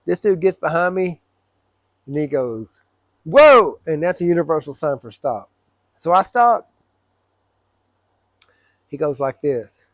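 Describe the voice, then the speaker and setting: A man, a truck driver, telling a story casually to camera, animated and profane, acting out both sides of an argument. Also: a little high, unhurried, long pauses, no echo.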